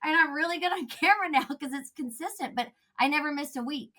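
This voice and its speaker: A woman talking as a podcast guest, animated and laughing often, acting out quotes in a casual chat. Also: high-pitched, quick pace.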